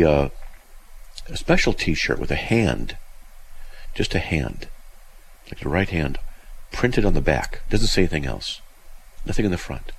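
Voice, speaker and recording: A man's voice: very animated, normal speed, creaky, slightly rough, low-quality recording. A man hosting a call-in radio show about theology, talking in loose, rambling sentences full of fillers and breaking into emphatic, scornful exclamations. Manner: emphatic, scornful bursts of high-pitched exclamation.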